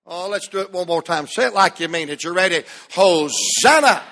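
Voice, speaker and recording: A man preaching a sermon, leading the congregation in call-and-response with drawn-out emphatic phrases. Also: high-pitched, steady tone, vocal fry, sharp tone, long reverb tail. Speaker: pastor.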